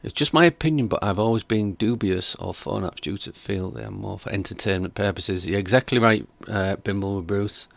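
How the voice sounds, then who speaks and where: A man's voice: on the low side, fairly quick, creaky, hardly any pauses, no room sound. A man hosting a reaction stream, chatting casually and skeptically while reading out viewer comments. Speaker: reaction video host.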